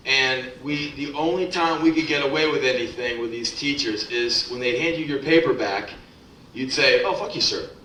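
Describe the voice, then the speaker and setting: A young man tells profane comic stories on a club stage, with a bright, forceful voice that swings into shouted rants. His voice rings through a roomy club and reaches the microphone from some distance, with a faint murmur of the room behind him. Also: medium pitch, moderate pace, a little hiss or hum. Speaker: spoken word performer. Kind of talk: live spoken word storytelling. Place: club stage before a live audience.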